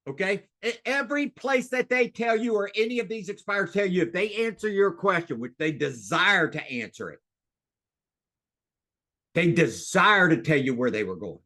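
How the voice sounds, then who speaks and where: A man coaching real estate agents in a webinar, talking in an excited, fired-up way with big rises and drops in his voice. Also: moderate pace. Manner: excited, fired-up delivery with big swings in pitch and loudness.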